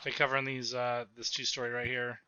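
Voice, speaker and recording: A man leading a fire team on a live stream, giving brisk clipped radio commands and swearing under stress. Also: mid-range voice, monotone, pushed and bright, smooth, dull audio.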